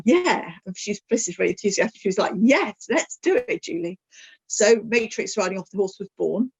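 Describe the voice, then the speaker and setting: A woman, a guest on an interview podcast, telling stories in a chatty, digressive, animated way. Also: mid-range voice, creaky, breathy edge, poor audio. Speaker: podcast guest, saddle fitter. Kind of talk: casual interview answer.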